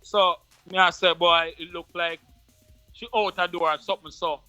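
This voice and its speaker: A man with a Jamaican accent, an interview guest who tells a personal story in patois in an animated way, often repeating his words. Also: sits high, normal speed, no echo, muffled recording, soft background music.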